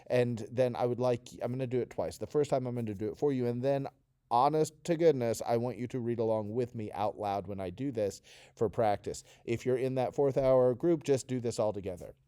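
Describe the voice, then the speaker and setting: A man's voice: medium pitch, lively intonation, moderate pace, dark tone, dry recording, studio quality. A man teaching an oral interpretation lesson, explaining and coaching his students to read along with him. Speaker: theatre teacher.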